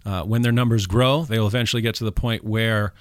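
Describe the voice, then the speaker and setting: A man's voice: lowish voice, steady tone, quick pace, no echo. A man speaking on a call-in radio talk show, recites quotations in a raised tone. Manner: quotes scripture in a raised, recited tone. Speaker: guest speaker.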